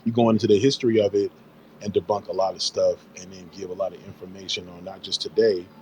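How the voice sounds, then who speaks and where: A man with a very deep voice speaks in a laid-back, appreciative way in a casual audio chat. He sounds a bit far from the microphone. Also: level tone, fast talker, a little mellow, slight background noise.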